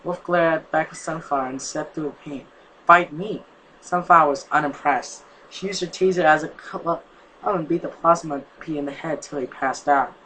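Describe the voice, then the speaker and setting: A man's voice: on the high side, steady tone, moderate pace, fairly bright tone, a little hiss or hum, low-quality recording. A man casually reading a fanfic aloud, stumbling and correcting himself, his voice strained from a sore neck. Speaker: fanfic reader.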